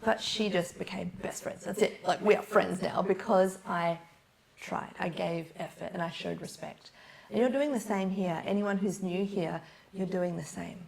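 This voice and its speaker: Female speaking coach, podcast guest, animated delivery, slight vocal fry. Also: fairly low pitch, normal speed. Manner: animated, acts out examples in different voices. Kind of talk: podcast conversation.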